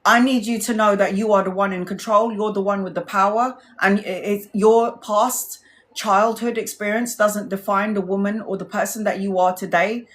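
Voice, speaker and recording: A woman's voice: mid-range voice, steady tone, normal speed. Earnest, blunt woman on a live stream. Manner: earnest, blunt and emotional, swears freely. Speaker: tarot reader hosting a live stream. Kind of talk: heartfelt casual live-stream chat.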